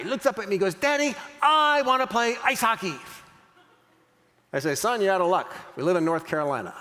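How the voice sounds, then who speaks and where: A middle-aged man giving a keynote talk, telling a family story and acting out the voices he quotes. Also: high-pitched. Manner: animated, acts out quoted voices. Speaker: motivational speaker. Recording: long hall reverb.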